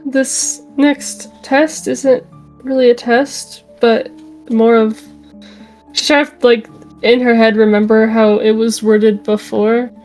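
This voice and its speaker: A woman describing her character's actions in a tabletop game, hesitant and full of fillers. She speaks very slowly in a slightly high voice. Faint music sits behind her. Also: flat delivery, a little mellow. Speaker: player.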